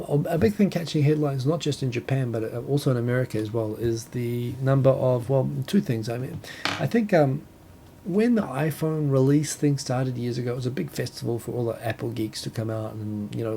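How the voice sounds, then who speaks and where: A man's voice: mid-range voice, gravelly, dark tone, a little hiss or hum. A man from New Zealand with a New Zealand accent, hosting a casual solo talk show and rambling with self-corrections and chuckles. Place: home, Tokyo.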